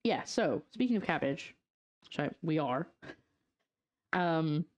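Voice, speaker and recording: A young woman with a Scottish accent chats her way through a home cooking livestream. Her voice sits slightly low, and she drifts between topics, answering viewers as she goes, trailing off with ums and half-finished thoughts. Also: animated, takes it slowly, darkish tone, lo-fi sound. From Scotland. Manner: chatty, reads out and answers chat, trails off in fillers. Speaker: streamer. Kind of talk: casual cooking livestream chat. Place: home kitchen.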